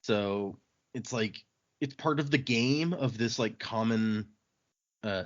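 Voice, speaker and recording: A man's voice: fairly low pitch, muffled recording. A man hosting a podcast, casually recapping a novel's chapters with fillers and a loose, chatty manner. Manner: rambling, with fillers and laughs, acting out quotes. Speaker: podcast host.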